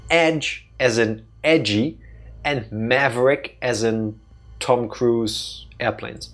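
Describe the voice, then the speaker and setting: A man's voice: mid-range voice, slow pace, a bit bright. A young man streaming a let's play, joking wryly and rambling with frequent restarts. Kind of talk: casual gameplay commentary.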